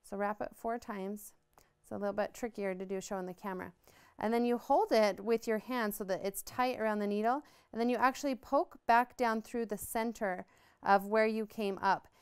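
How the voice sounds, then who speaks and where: Patient woman teaching embroidery, very smooth voice. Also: medium pitch, moderate pace. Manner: patient, explanatory, upbeat. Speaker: embroidery instructor. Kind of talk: step-by-step craft tutorial.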